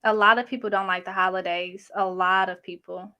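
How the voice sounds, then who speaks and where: A woman's voice: medium pitch, fairly even intonation, fairly quick, sharp tone, smooth, muffled recording. A young adult woman hosting a casual livestream, reading chat comments in a chatty, sassy, slangy way. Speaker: channel host reading live chat.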